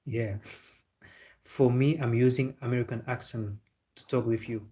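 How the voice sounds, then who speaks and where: Young guy on his livestream, flat-ish voice, chatty, laughs a lot answering chat. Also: mid-range voice, moderate pace. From Senegal. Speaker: football livestream host.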